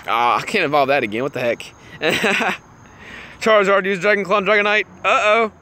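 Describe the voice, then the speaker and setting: Young man, bright voice, slightly high, excitable livestream chat, laughs a lot, faint crickets and traffic behind. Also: normal speed. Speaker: livestream gamer.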